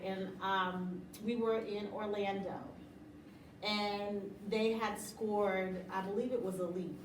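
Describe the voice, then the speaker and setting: A woman's voice: mid-range voice, roomy sound, far from the mic, slight background noise, poor audio. A middle-aged woman talking about running her business in a casual interview, emphatic and motivational, often laughing. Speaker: interview guest, business owner.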